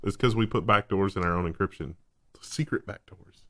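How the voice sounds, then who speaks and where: Guy with a lowish voice doing dry jokey tech news chat. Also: normal speed, fairly bright tone. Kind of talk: casual news banter.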